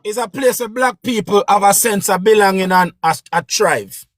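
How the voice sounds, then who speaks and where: A Jamaican man with a strikingly high voice hosts a livestream and chats with viewers. He talks in an animated, repetitive way that keeps circling back to his point. The sound is dry and close. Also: moderate pace, dry recording. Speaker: livestream host. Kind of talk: casual livestream talk.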